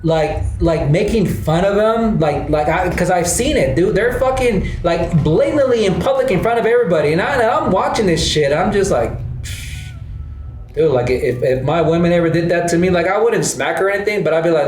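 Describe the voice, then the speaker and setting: A man's voice: high-pitched, expressive, a little fast, darkish tone, a little hiss or hum. A man ranting casually, swearing constantly and tossing "bro" and "dude" into almost every line. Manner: profane, repetitive, fills lines with "bro" and "dude". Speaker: host. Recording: roomy echo with faint music.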